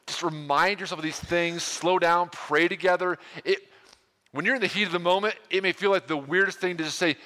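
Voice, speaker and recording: Middle-aged pastor guy chatting a sermon, bright forceful voice, long hall echo. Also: high voice, fairly even intonation, brisk. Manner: casual, earnest, lots of restarts and asides. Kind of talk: conversational sermon to a live room.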